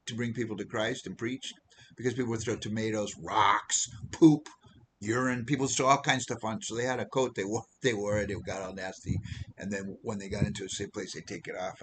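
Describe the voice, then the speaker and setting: A man's voice: lowish voice, a little hiss or hum, rough recording. A man preaching an informal sermon as a missionary, rambling and losing his train of thought now and then. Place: Philippines.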